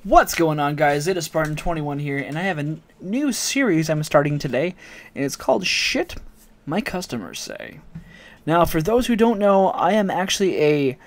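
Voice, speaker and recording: Rambling, slightly high-voiced man. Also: lively intonation, normal speed. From Oregon, United States. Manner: rambling, self-correcting, amused. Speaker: vlogger. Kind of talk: casual storytelling to camera.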